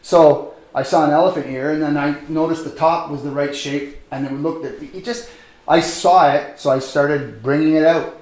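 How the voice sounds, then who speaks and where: A man, a metal sculptor, chatting casually and a bit ramblingly about how he works, self-deprecating and relaxed. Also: on the high side, normal speed. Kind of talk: casual interview. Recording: roomy echo.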